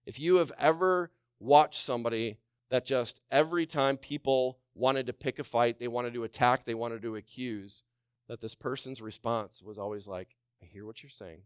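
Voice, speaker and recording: A man preaching a sermon as a pastor, calling on the congregation to respond and dropping to a hushed voice when quoting gentle words. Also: mid-range voice, moderate pace, clear, resonant tone, dry recording, clean studio sound.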